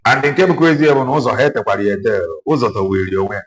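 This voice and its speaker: A man's voice: medium pitch, lively intonation, rapid-fire, background noise. A man with a Nigerian accent giving casual commentary from inside a car, repeating his points with emphasis. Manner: emphatic, repeats phrases for effect. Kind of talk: casual spoken commentary mixing Igbo and English.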